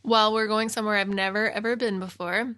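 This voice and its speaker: A woman with a bright, forceful voice co-hosts a relaxed podcast. She chats in a rambling, giggly way. Her voice sounds dry and close to the mic. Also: mid-range voice, fairly quick, no room sound. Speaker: podcast co-host. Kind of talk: casual chat.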